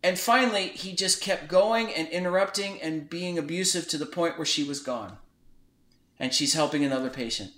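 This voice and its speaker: A man's voice: a little high, moderate pace. A man hosting a podcast, telling a story in a casual chat and acting out the quoted lines. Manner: animated retelling, acts out quoted dialogue. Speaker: podcast host. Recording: echoey room.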